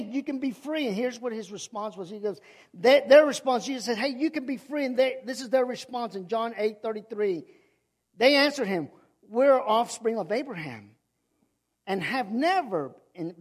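A man preaching a sermon with passion, repeating phrases and swinging between loud outbursts and hushed lines. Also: very high-pitched.

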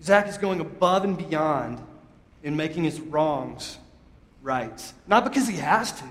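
Pastor preaching in an echoey hall. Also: male voice, a little high, lively intonation, a little slow, a bit bright. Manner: call-and-response, emphatic and conversational. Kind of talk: sermon. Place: church sanctuary. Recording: echoey hall, long reverb.

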